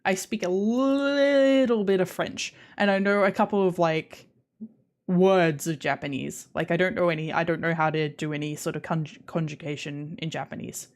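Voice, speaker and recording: Her voice sits low with fairly even intonation and a moderate pace. A young woman with an Australian accent, she rambles through a casual live stream chat with viewers, breaking off mid-sentence and starting over with a giggle.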